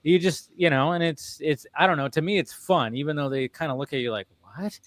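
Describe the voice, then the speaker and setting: A man hosting a casual chat, telling animated stories with frequent laughter and restarts. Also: fairly high pitch, brisk, no room sound. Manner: animated storyteller, laughs often, many restarts. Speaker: podcast host.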